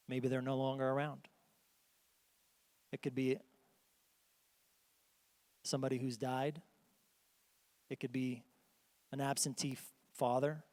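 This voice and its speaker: A man's voice: mid-range voice, a little mellow, in a large hall. A man preaching a sermon as pastor to his congregation in a church, earnest and emphatic. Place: church sanctuary.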